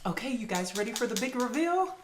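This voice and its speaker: A woman with a slightly high voice and big pitch swings talks briskly while hosting her own cooking vlog in her home kitchen. The sound is roomy with background noise, and she chats casually to viewers as she cooks, calling them "you guys."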